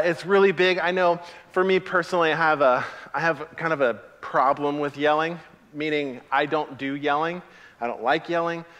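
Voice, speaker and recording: A man preaching a sermon as a pastor, in a conversational, animated way with frequent repetitions. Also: a little high, big-room sound.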